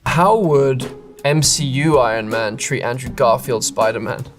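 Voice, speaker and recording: A man's voice: medium pitch, unhurried, faint music behind. An English man in his thirties reads out internet comments and answers them in a rambling, self-interrupting way, laughing at himself now and then. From England. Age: 30s. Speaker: actor answering internet questions. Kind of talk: casual reading and answering web comments.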